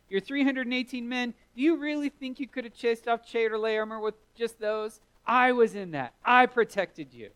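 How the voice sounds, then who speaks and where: A man's voice: high-pitched, a bit bright, clear, resonant tone, voice pushed up. A man voicing God as an emphatic, protective male deity in a sermon retelling. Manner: emphatic, declaring.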